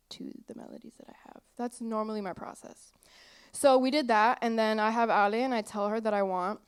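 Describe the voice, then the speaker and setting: Young woman, singer guest, chatty and giggly, slightly high voice, stage interview in a small theater. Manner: chatty, giggly, loses her train of thought.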